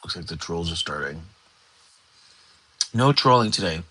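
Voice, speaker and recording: A man's voice: low voice, lively intonation, a little slow, bright, forceful tone, breathy edge, low-quality recording. A middle-aged man hosting a casual livestream from his bedroom, tired and yawning, rambling and answering chat comments. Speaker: livestream host.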